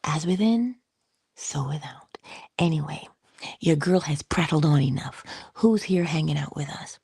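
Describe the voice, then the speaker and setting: A woman with a low, gravelly, husky voice talks through a casual motivational livestream. She is playful, slips into breathy whispered asides and bursts into animated quoted voices. The sound is close and dry. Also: a little slow, no room sound. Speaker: livestream host.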